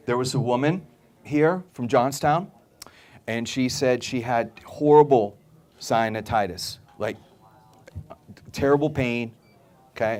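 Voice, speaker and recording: A man's voice: medium pitch, darkish tone. A man speaking to a live audience, selling supplements with a punchy, repetitive delivery. He keeps checking in with "okay?" and acts out customers' reactions as he tells his stories. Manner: emphatic, repeats points, keeps asking "okay?"; acts out customers' voices in anecdotes. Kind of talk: live sales talk to an audience.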